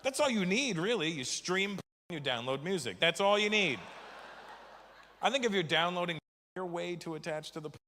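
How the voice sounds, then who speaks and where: A man from Canada works the crowd in a stand-up set, mocking and animated, with a slightly high voice. His voice rings out into a large reverberant hall with a faint murmur of audience behind him. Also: moderate pace, slight background noise. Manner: animated, mocking crowd work, rising to shouts. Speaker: stand-up comedian. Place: large comedy venue with audience. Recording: live stage recording in a reverberant hall.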